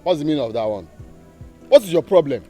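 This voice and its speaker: A man's voice: a little high, very animated, fast talker, warm tone, faint music behind. A touchy young Nigerian man. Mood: angry. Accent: Nigerian English. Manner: argumentative, defensive. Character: defensive young man Obinna, touchy and quick-tempered. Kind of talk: Nollywood film acting.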